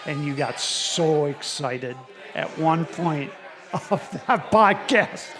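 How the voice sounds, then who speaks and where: A man from the audience telling a rambling, animated story during a live podcast recorded at a brewery. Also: a little high, slow pace. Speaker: audience member asking a question. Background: crowd noise.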